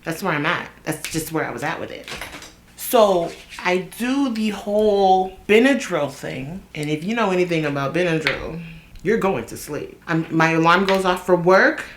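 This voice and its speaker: A young woman telling a story in a chatty, animated way while getting ready, with asides to her viewers. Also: lowish voice, moderate pace, slight background noise. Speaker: vlogger. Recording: roomy echo.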